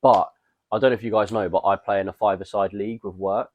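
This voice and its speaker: Low-voiced lad telling stories. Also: male voice, fast, no echo, phone-quality sound. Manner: rambling, animated, slangy storytelling. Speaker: podcast co-host. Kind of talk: casual storytelling chat.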